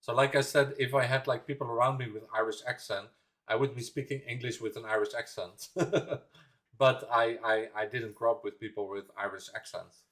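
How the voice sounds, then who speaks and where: A man's voice: medium pitch, steady tone, moderate pace, a bit bright. Rambling Dutch man chatting on stream. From Netherlands. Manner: rambling, with frequent fillers and restarts. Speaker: reaction livestream host. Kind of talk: casual livestream chat.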